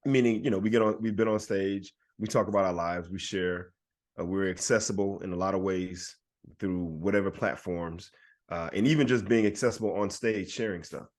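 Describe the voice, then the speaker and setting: A man, a comedian co-hosting a podcast, talking in an animated, emphatic way and often checking for agreement. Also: deep voice, moderate pace. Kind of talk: casual podcast chat.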